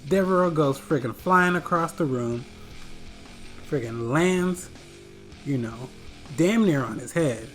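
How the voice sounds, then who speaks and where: Excitable comedic recapper. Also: mid-range voice, takes it slowly, long pauses, faint music behind. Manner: excitable, full of sound effects and slang. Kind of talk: comedic movie retelling.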